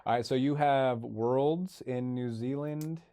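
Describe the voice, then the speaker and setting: A man's voice: mid-range voice, takes it slowly, warm tone. A man from California hosting a podcast in a rambling, casual way that leans heavily on "like". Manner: rambling, heavy use of 'like'. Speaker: podcast host. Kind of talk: casual chat.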